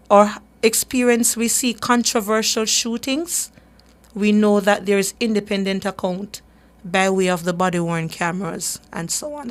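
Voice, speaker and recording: Earnest woman on talk radio. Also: medium pitch. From Jamaica. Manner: earnest, emphatic, with frequent restarts. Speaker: human rights advocate and radio host. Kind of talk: radio talk show discussion.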